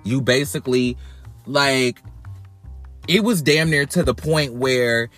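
A man hosting a podcast, ranting bluntly and profanely about reality TV in a casual, animated way, often repeating words as he goes. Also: medium pitch, slow pace, soft background music. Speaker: podcast host.

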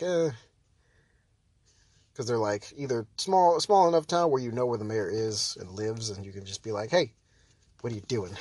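A man's voice: a little high, a little mellow, no room sound. Rambling, exasperated man with dry sound. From United States. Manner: rambling, frequent restarts and fillers, exasperated. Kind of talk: casual opinion rant.

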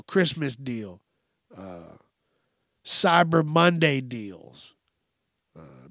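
Podcast host, male, exasperated rant delivery, raspy fry in the voice, slightly high-pitched. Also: no room sound, clean studio sound. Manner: profane, exasperated, mimics people in high voices. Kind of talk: casual ranting monologue.

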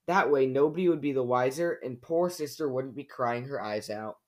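A man's voice: mid-range voice, normal speed, lightly acted. A man voicing a hearty father bear from a storybook, folksy and confident.

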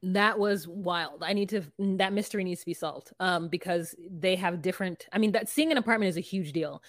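A woman's voice: lowish voice, a little fast, no echo, studio quality. A woman co-hosting a podcast, chatting casually and retelling scenes by quoting the people in them. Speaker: podcast co-host. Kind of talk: casual recap chat.

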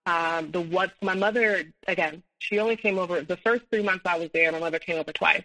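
Woman on a podcast, bright tense voice, lots of "like" and "um", restarts a lot, acts out what people said. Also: on the low side, a little fast, low-quality recording. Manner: rambling, many fillers and restarts; acts out quoted dialogue, rising when heated. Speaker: podcast guest. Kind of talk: personal storytelling in conversation.

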